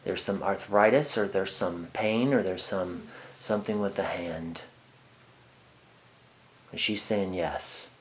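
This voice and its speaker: Male medium, lowish voice, halting delivery full of ums and restarts during a sitter reading. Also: slight background noise. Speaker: psychic medium. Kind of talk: one-on-one spirit reading.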